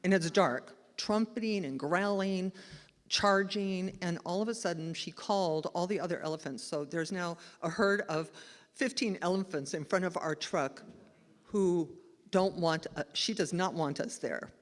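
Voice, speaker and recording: A woman minister giving a lively, chatty storytelling sermon at a live church service. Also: fairly low pitch, unhurried. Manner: chatty and animated, laughing as she tells the story. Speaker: spiritual director and minister. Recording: long hall reverb in a church.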